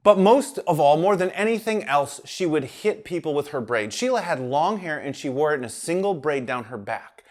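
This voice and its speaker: A man narrating a children's story in an animated, playful way. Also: a little high, moderate pace, hardly any pauses.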